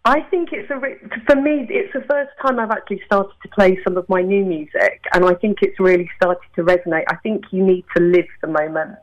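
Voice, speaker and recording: A woman's voice: medium pitch, brisk, few pauses. Chatty London woman, slightly muffled. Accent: London, borderline Cockney. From southeast London, England. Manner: enthusiastic, chatty, many fillers. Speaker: singer-songwriter and radio host, guest. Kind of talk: interview conversation.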